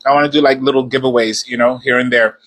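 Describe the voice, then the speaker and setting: A man's voice: medium pitch, fairly even intonation, fast, a bit bright, poor audio. A man hosting a casual live stream, cheering viewers on and repeating his points as he chats into a phone.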